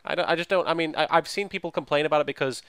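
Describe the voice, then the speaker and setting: A man's voice: on the high side, rapid-fire, a bit bright, clean tone, no echo. A man co-hosting a podcast, chatting casually about a TV episode in a chatty, hedging way with frequent restarts. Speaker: podcast co-host. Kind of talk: casual TV recap chat.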